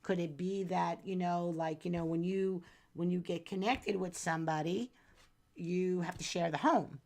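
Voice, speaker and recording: A woman's voice: on the low side, normal speed, darkish tone. A middle-aged woman from New Jersey, chatting casually as she reads a viewer's astrology chart on a live stream, calling the viewer hon and doll.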